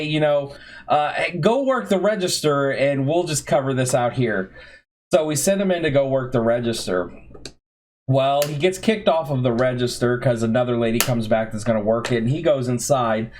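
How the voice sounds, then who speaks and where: A man on a podcast telling a funny story about an old job in a casual, animated way, acting out the quotes. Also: mid-range voice. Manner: animated, laughing, acts out quotes. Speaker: podcast co-host.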